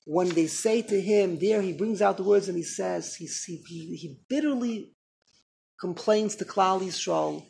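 Gravelly impassioned man teaching scripture. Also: sits high, a little hiss or hum. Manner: impassioned, swelling to loud emphatic peaks; halting restarts and repeated words. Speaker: Torah teacher. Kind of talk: Torah lesson on scripture.

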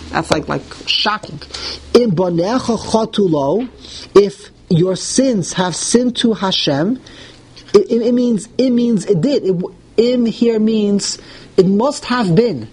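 A man's voice: sits high, darkish tone, slightly rough. A man teaching a verse-by-verse Torah class to live listeners. He reads Hebrew verses, translates and explains them, often restarts his phrases, and stresses the harsh words.

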